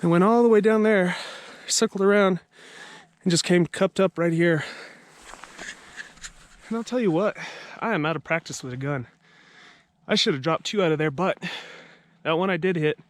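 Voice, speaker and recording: A man's voice: high voice, normal speed, pauses often. A man filming a casual duck hunting vlog outdoors by a river, rambling to his viewers, a bit out of breath after a long walk. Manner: chatty, rambling, talks to the viewers as guys. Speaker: duck hunter vlogger.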